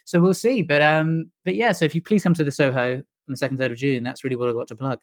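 A man's voice: fairly high pitch, steady tone, fast, dry recording. Self-deprecating man, chatty. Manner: rambling, self-deprecating, restarts often. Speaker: podcast guest, musical comedian. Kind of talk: casual chat.

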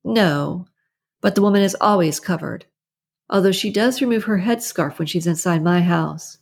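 A woman's voice: lowish voice, normal speed, vocal fry, darkish tone, slightly rough. A woman reading an audiobook and voicing a chatty, nosy middle-aged neighbor woman who gossips with strong opinions. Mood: gossipy. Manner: gossipy, indignant, confiding.

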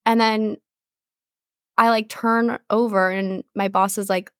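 A woman's voice: medium pitch, level tone, slow pace, fairly bright tone, no room sound, clean studio sound. A young woman co-hosting a podcast, telling a story in a chatty way with lots of fillers. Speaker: podcast co-host. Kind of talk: casual chat.

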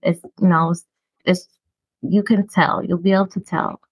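A low, gravelly-voiced woman from Brooklyn talks candidly about her own experiences. She co-hosts a casual podcast, and her delivery is loose and full of fillers. The recording is dry and close. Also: little pitch movement, moderate pace, dry recording, low-quality recording. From Brooklyn, New York. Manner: candid, storytelling with frequent fillers. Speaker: podcast co-host. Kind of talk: casual conversation on mental health.

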